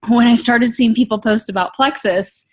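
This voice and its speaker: A woman's voice: fairly high pitch, normal speed. Earnest woman telling her testimony. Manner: emotional, earnest, animated storytelling. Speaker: product testimonial speaker. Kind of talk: personal testimony.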